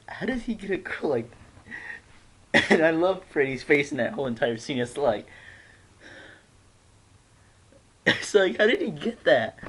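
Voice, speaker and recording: Man rambling through a chatty recap. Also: medium pitch. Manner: chatty, rambling, laughs often. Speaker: TV episode reviewer. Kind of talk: casual episode recap.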